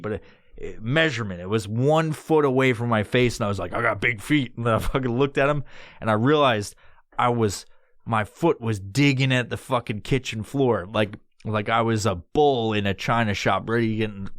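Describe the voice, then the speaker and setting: A man's voice: no echo, clean studio sound. Profane rambling male podcaster. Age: adult with a son. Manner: profane, rambling, acts out his own panicked voice in high squeals. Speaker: podcast host. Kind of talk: casual storytelling.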